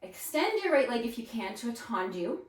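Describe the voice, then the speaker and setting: A woman's voice: a little high, sing-song, moderate pace. A woman leading a follow-along ballet arm workout, counting beats and cueing moves in an encouraging, upbeat way. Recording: roomy sound, mic set at a distance.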